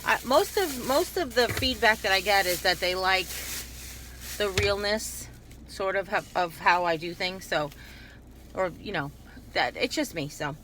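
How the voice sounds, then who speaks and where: A woman speaks in a medium-pitched, bright voice with a forceful tone, and there's slight background noise. She's a YouTube haul vlogger, chatty and digressive, frequently interrupting herself and starting sentences over.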